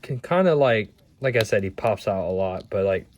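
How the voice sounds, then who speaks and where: A man's voice: on the low side, lively intonation, moderate pace, a little mellow, slight background noise. A man casually reviewing action figures, rambling and stumbling over his words as he shows them off at home. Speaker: toy reviewer.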